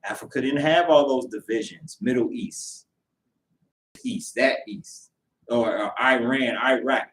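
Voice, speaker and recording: A man with a medium-pitched voice speaks unhurriedly as he leads a Sabbath lesson, weaving in stories. He talks conversationally, checking in with rhetorical questions. The mic sits at a distance, picking up a roomy echo.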